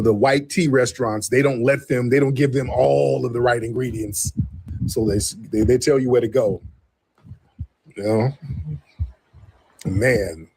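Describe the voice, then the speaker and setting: A man's voice: medium pitch, darkish tone, slightly rough, low-quality recording. Slangy, rambling man hosting a stream. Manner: slangy, rambling, repeats himself. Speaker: live-stream show host. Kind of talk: casual live-stream chat.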